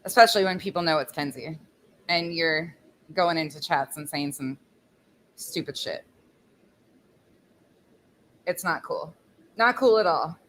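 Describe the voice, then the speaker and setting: A woman's voice: deep voice, unhurried, long pauses, a bit bright, a little hiss or hum. A woman hosting a casual cooking livestream, chatting with viewers in a blunt, chatty way, swearing freely and laughing often. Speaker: livestream host.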